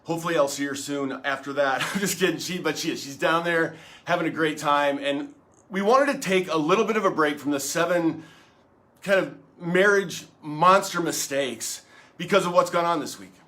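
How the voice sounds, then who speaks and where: Hosting his own show, a middle-aged pastor gives a casual devotional talk directly to the viewer. His manner is chatty, folksy and animated, with a fairly high pitch and moderate pace.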